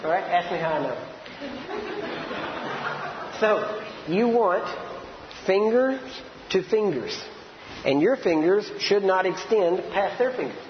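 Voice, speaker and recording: A man's voice: high voice, expressive, slow, pauses often, slight background noise. A man teaching a live seminar, walking the audience through a method step by step and checking in with "right?". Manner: instructive, demonstrating step by step with frequent "right?" checks. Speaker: ministry teacher. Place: large hall before a live audience. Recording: echoey hall, dull lo-fi sound.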